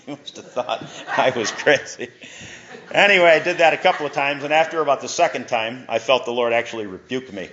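A man's voice: medium pitch, a bit bright, lo-fi sound. A middle-aged male pastor giving a conversational sermon, with chuckles and asides.

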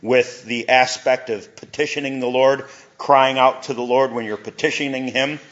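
A man's voice: medium pitch, steady tone, moderate pace, fairly bright tone, dull audio. A middle-aged male pastor giving a conversational sermon, with chuckles and asides.

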